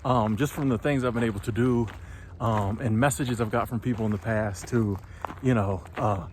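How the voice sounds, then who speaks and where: A channel host, a man with a lowish voice, delivers a passionate motivational monologue at normal speed, preachy and animated, occasionally tripping over his words. There's a slight hiss or hum on the recording.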